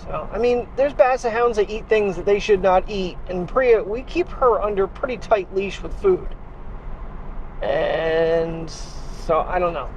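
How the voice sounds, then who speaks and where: A man's voice: high-pitched, a little slow, slight background noise. Rambling, worried man vlogging at home. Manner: rambling and worried, baby talk to his dog. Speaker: daily vlogger. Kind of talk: casual vlog talk to camera. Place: home and backyard at night. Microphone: handheld gimbal camera with wireless mic.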